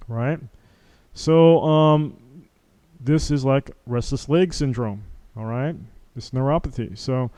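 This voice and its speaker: A man's voice: medium pitch, warm tone, smooth, no echo. A middle-aged man giving an informal medical lecture as a physician, talking conversationally, acting out patient exchanges and checking in with "okay?" and "right?". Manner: conversational, acts out patient dialogues, frequent "okay?" and "right?" tags.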